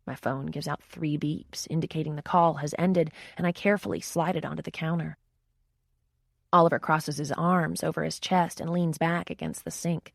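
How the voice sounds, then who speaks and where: A woman narrating a romance audiobook in the first person, with wry, expressive storytelling. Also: low-pitched, normal speed, vocal fry, dry recording, studio quality.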